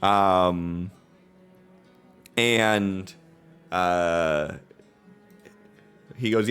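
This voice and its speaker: A man narrates a tabletop game as game master, storytelling in a relaxed style with many ums and uhs. His voice sits somewhat low, and he takes his time. Faint guitar music plays under the narration. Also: slow. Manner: laid-back, filler-heavy storytelling.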